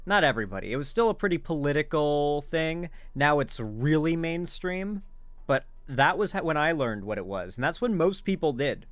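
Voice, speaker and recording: A man's voice: on the high side, big pitch swings, normal speed, dry recording. A young man giving rambling, self-correcting reaction commentary on a video. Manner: rambling, self-correcting, bursts into loud laughter.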